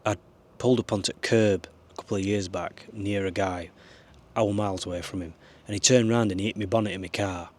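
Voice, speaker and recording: A man's voice: fairly low pitch, fairly even intonation, brisk. A man giving rambling, earnest life advice to camera from a small camper van. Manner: rambling, earnest, swears now and then. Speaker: vlogger. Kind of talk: casual advice talk to camera.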